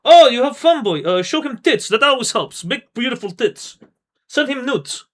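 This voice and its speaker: A man's voice: very high-pitched, big pitch swings, pitched above the performer's own voice. A man playing a pushy, sleazy male cab driver who hustles in broken English. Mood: boastful. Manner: wheedling fast sales patter, broken English.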